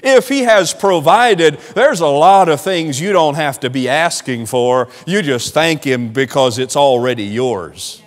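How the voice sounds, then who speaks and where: Southern pastor preaching in a reverberant church. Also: male voice, a little high, measured pace, hardly any pauses. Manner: animated preaching, rising and falling in volume, laughing asides. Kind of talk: sermon. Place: church sanctuary.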